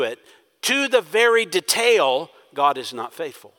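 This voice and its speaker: A man preaching a sermon as pastor, emphatic, swinging from loud urging to quiet intensity. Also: fairly high pitch, sing-song, a little slow, in a large hall.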